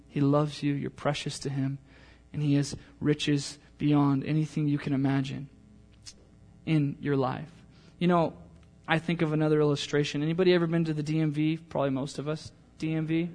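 Man preaching with a fairly high voice. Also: flat delivery, moderate pace. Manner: conversational storytelling with humor, then softer earnest appeal. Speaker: pastor. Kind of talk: sermon.

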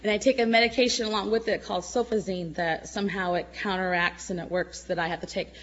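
A middle-aged woman giving an emotional church testimony, at times tearful, swinging between loud exclamations and soft murmurs. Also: medium pitch, steady tone, fast, lo-fi sound.

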